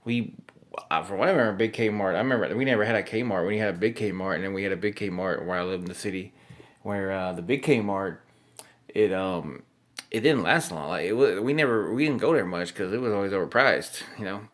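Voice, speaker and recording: A man's voice: on the low side, brisk, fairly bright tone. Drunk man rambling over old commercials. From Texas. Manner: rambling, swearing, laughing often. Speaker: host reacting to old commercials.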